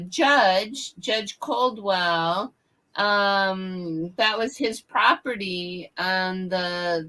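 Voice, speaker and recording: Texan woman guest, slow unhurried delivery, bright tone, friendly. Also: mid-range voice. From Texas. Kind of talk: interview answers.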